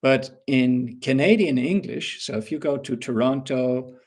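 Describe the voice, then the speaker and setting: A man with an Irish accent teaching English in a webinar, explaining words slowly and patiently with examples. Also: mid-range voice, darkish tone. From Ireland. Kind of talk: webinar lesson.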